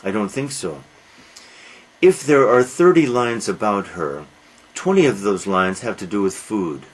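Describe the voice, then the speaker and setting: A man's voice: lowish voice, sing-song, measured pace, low-quality recording. A man lecturing on literature to a class, asking rhetorical questions and answering them himself, with frequent uhs.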